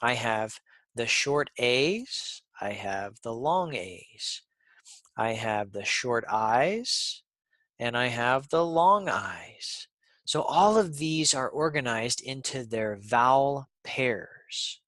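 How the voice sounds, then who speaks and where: A man teaching a pronunciation lesson, speaking deliberately and repeating sounds for learners. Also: mid-range voice, animated, fairly bright tone, dry recording.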